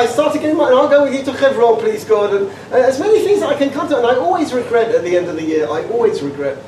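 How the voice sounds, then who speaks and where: Man with a high voice, animated and stammering speaker telling funny stories to students, recorded from afar in a reverberant room with noise behind. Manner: animated, stammering repetitions, laughs often. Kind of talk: informal talk with humorous anecdotes. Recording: echoey room, distant mic, background noise.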